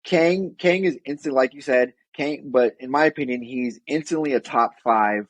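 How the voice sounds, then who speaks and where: A man's voice: medium pitch, normal speed, no room sound, poor audio. A man co-hosting a podcast, chatting casually in a rambling, wry way and often correcting himself mid-sentence. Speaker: podcast co-host. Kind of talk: casual chat.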